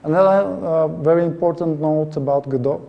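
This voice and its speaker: A man giving a technical talk at a conference, pausing often with filler sounds. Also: on the high side, creaky, muffled recording. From Bulgaria. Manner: hesitant, many filler sounds. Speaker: conference speaker. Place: large conference hall. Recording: reverberant hall sound.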